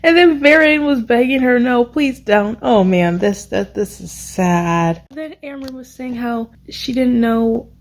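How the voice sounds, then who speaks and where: A young woman vlogging about a book she just read, rambling and excitable, stopping to search for words. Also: a little high, measured pace, few pauses. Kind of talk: casual reading vlog recap.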